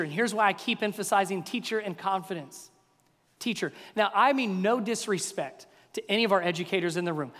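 A male pastor preaching a sermon, swinging from hushed questions to loud, energetic passages. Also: high-pitched. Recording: long reverb of a large hall.

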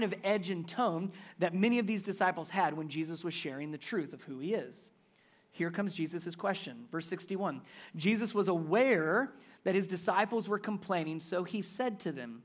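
A pastor delivers a sermon in a conversational yet emphatic style at a moderate pace. His voice alternates between loud, stressed words and soft, low asides.

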